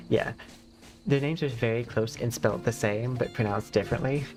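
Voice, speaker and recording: A man's voice: mid-range voice, normal speed, music in the background. A man with a lisp, talking in rambling, casual stream chat full of fillers as the host. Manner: rambling, filler-heavy, chatty.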